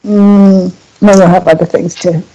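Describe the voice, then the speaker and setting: A woman's voice: lowish voice, steady tone, unhurried, warm tone, lo-fi sound. A woman guest on a podcast, chatting casually in short, tired, agreeing replies. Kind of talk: casual chat.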